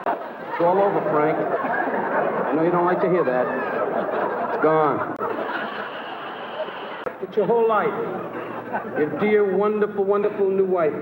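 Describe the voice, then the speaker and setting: Casting: male comic roasting, high voice, tinny old live recording with loud crowd. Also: roomy sound, very noisy. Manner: needling, mock-insulting. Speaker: comedian roasting on stage. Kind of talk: stand-up roast.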